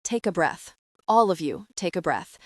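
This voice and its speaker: Lady reading a steady bossy woman, low firm voice, dry close sound. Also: moderate pace, no echo. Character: calm, firm older-sister type woman.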